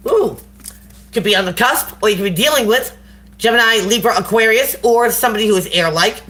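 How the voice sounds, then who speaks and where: A woman's voice: a little high, fast, a bit bright. A woman giving a casual live tarot reading to viewers on a phone, talking in a slangy, encouraging way. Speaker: tarot reader.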